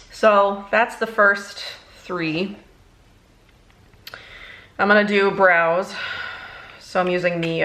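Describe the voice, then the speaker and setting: A young woman, a beauty vlogger, chatting casually through a makeup tutorial, rambling and halting, emotionally worn out. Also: mid-range voice, fairly bright tone. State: emotionally exhausted.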